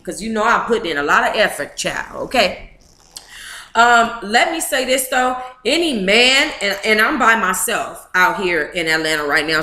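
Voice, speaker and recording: Lady reading a book out loud on a stream, emotional, swears a lot, bright voice, echoey room. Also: medium pitch. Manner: blunt, emotive, with profane asides. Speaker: book club host reading aloud to a live chat. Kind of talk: reading a memoir aloud with live commentary.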